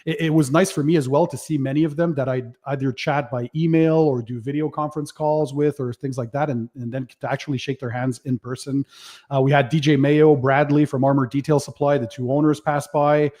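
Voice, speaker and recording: A man hosting a casual livestream, running through a friendly list of shout-outs in an easygoing way. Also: mid-range voice, fairly even intonation, a little fast. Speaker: livestream host, detailing channel owner.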